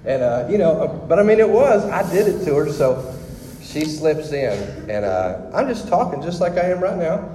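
A man's voice: a little high, sing-song, normal speed, mellow, echoey room, in a large hall, slight background noise, low-quality recording. A man sharing his personal testimony with a group, talking candidly and conversationally with frequent restarts.

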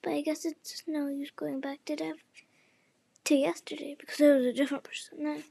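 A woman's voice: high-pitched, little pitch movement, fairly quick, gravelly, mellow. Curious timid storybook girl, read by a woman. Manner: timid, wondering. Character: curious polite young girl, storybook heroine.

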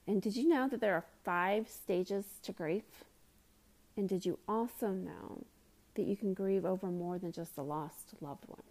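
A woman's voice: mid-range voice, measured pace, mellow. A woman hosting a self-help podcast, talking earnestly and conversationally as a mother, sometimes dropping to a whisper for emphasis. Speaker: podcast host.

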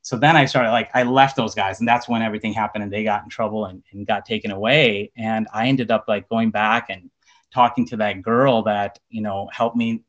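A man's voice: fairly low pitch, steady tone, fairly quick, a bit bright, lo-fi sound. A man telling a personal faith story in casual, rambling talk full of fillers. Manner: rambling, many fillers like "like" and "you know". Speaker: person sharing a faith testimony.

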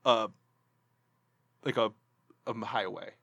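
A man telling a story in casual podcast chat, profane and animated. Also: on the low side, takes it slowly, dry recording, muffled recording. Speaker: podcast co-host.

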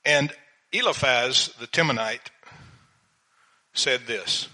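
An older man, a pastor, preaching a sermon in a slow, measured way and reading Bible verses aloud. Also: medium pitch, sharp tone, low-quality recording.

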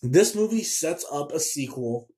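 A man's voice: fairly high pitch, animated, unhurried, warm tone. A man hosting a casual movie review show, ranting in a chatty, exasperated way with lots of fillers.

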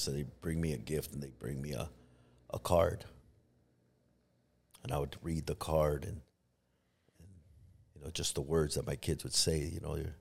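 A man's voice: extremely low pitch, steady tone, moderate pace, creaky, pauses often, darkish tone, husky. A middle-aged man, a pastor, telling a personal story in a podcast interview, with many restarts, acting out what others said. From Los Angeles area. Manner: storytelling, acts out quoted voices, many restarts.

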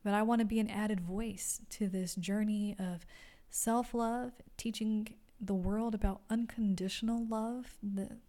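Woman, podcast host, mellow warm voice, soft-spoken, heartfelt, halting repeats. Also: fairly high pitch. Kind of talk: personal reflective monologue.

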